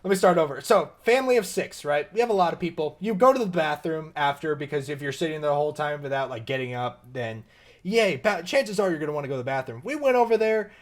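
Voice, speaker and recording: A man's voice: on the high side, fast talker. A young man co-hosting a podcast, telling stories in casual chat with lots of laughter. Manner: animated, laughing storyteller. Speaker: podcast co-host.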